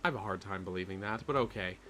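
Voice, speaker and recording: A man's voice: low voice, rapid-fire, fairly bright tone, a little hiss or hum. A man streaming a video game, chatting casually with viewers and joking along.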